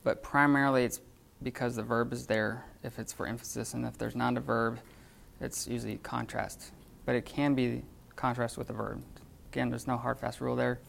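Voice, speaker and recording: A man leads a live classroom lesson, explaining grammar in a halting way, full of fillers and restarts. His voice has a gravelly edge. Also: mid-range voice, little pitch movement, a bit bright, a little hiss or hum. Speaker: Greek teacher.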